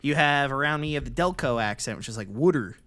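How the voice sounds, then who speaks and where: A man co-hosting a casual podcast, ranting loudly and excitably with plenty of swearing. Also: medium pitch, quick pace, clean tone. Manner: loud, profane, excitable ranting. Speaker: podcast co-host.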